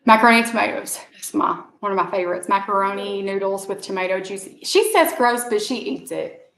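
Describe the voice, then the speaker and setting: A woman's voice: mid-range voice, brisk, vocal fry, fairly bright tone. A woman from the American South with a Southern accent, chatting casually as a vlogger and telling rambling stories. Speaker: vlogger, mother. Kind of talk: casual chat. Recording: echoey room.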